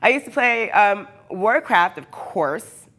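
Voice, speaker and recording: A woman's voice: medium pitch, lively intonation, slow, fairly bright tone. A hyper, chatty woman who often laughs, talking casually with her live viewers from her workshop. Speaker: cosplayer streaming live. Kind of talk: casual livestream chat with viewers.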